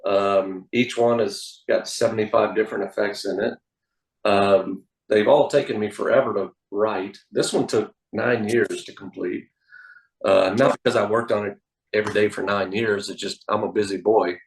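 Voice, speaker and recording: Low gravelly guy telling magic gig stories on a podcast, lively. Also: normal speed, rough recording. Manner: animated anecdotes, acts out quoted voices. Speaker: magician guest. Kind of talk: casual interview storytelling. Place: podcast studio.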